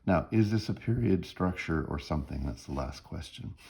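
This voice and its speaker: A man's voice: low-pitched, lively intonation, moderate pace, vocal fry, darkish tone, slightly rough. A man teaching music theory in a recorded lecture, explaining step by step, humming bits of melody and often checking in with "right?".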